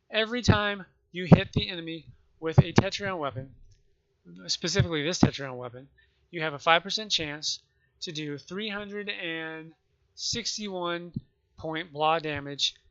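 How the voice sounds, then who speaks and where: A man with the hiccups explaining gameplay in a rambling, halting way, often restarting and correcting himself. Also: fairly high pitch, a bit bright. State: has the hiccups. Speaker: gaming video creator. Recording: muffled lo-fi mic.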